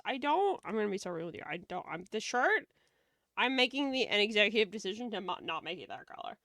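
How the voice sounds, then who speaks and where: Lively, bright-voiced woman streamer chatting. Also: medium pitch, dry recording. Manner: playful, laughs often, quick joking banter. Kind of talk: casual chat while drawing on stream.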